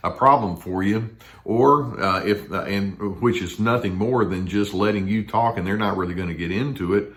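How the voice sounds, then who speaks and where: Older guy therapist chatting to camera, kinda low voice, jumps up high when quoting people. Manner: conversational, acts out quoted voices with rising pitch. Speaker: therapist giving a talk. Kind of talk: explanatory talk to camera.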